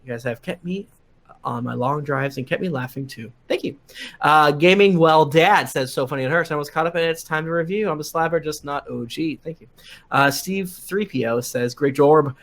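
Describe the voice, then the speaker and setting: A man with a fairly high voice reads listener reviews aloud on a live-streamed show. He moves through them quickly and casually, with scattered "uh"s and quiet chuckles between entries. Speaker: podcast cast member reading listener reviews. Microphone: desk mic on a live stream.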